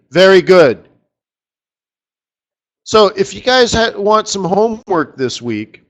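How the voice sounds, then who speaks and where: A man hosting a live trading session, chatty and excitable, breaking into lively exclamations. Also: fairly high pitch. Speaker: market strategist host. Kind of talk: live trading webinar commentary.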